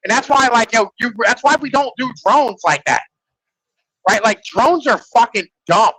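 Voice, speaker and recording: A man with a high, bright voice talking in loose podcast banter, packed with swearing and "like" fillers. The sound is dry and close, with no room in it. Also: expressive, normal speed, slightly rough, no room sound, rough recording. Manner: rambling, profane, filler-heavy ("like", "right?"). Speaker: podcast host. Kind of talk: casual podcast chat.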